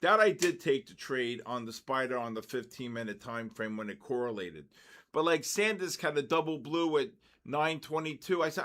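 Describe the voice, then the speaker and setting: An older man calls the markets live for his viewers, blunt and quick to get excited, tossing off asides as he answers the chat. His voice sits in a plain middle register. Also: mid-range voice. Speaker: trading stream host.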